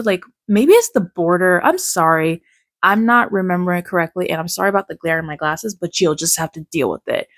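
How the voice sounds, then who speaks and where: A woman making a casual reading vlog, talking through a book in a rambling, emotional way with lots of fillers. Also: on the low side. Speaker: book vlogger.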